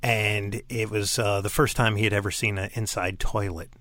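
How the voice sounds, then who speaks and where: A man's voice: fairly low pitch, level tone, normal speed, bright, forceful tone, no echo. A man hosting a podcast, chatting casually and animatedly with frequent laughs. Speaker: podcast host. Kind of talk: casual interview chat.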